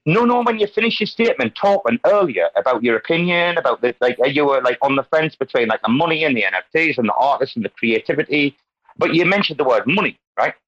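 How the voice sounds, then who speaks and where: Man, casual group call, animated, tangent-prone, lecturing tone, muffled lo-fi online audio. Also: mid-range voice, fast. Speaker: host of an online community call.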